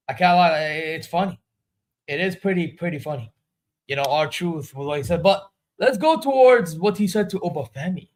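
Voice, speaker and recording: A man's voice: on the high side, moderate pace. A man hosting a wrestling reaction vlog, giving candid, opinionated, rambling commentary. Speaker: wrestling reaction channel host.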